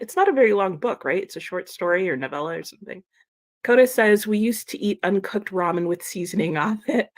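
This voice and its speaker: A woman hosting a live reading stream, casually reading out viewer comments and answering them with frequent laughs, sounding a little sleepy this morning. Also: medium pitch. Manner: chatty, giggly, reads comments aloud and answers viewers. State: sleepy, slow-brained morning.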